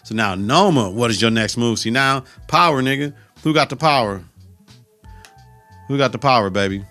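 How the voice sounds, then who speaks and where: Male podcast host, mid-range pitch, bright tone, animated slang-heavy recap. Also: moderate pace, soft background music. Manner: profane, animated retelling with slang. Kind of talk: casual episode recap.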